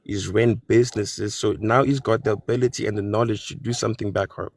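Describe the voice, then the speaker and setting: A man's voice: lowish voice, fairly even intonation, brisk, gravelly. A man in his twenties speaking angrily and frustrated, apologizing as he swears, on a video call. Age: 20s. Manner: frustrated, apologetic about cursing. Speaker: panel guest. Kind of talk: angry opinion.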